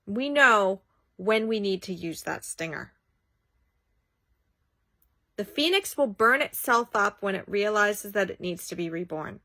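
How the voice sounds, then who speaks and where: A woman's voice: medium pitch, lively intonation, unhurried, pauses often, bright, forceful tone, no echo. A woman childbirth educator and coach talking casually to camera, emphatic, acting out what friends might say. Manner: emphatic, acts out quoted friends. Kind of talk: casual talking-head monologue.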